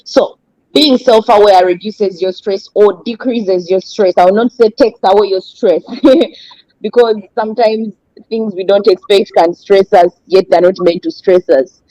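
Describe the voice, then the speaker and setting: Woman coach with an East African accent, warm and mellow tone, dry close sound, explains by acting out examples. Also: fairly even intonation, unhurried, no echo, poor audio. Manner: explains by acting out stressed people in a higher voice. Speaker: life coach co-host. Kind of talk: casual discussion.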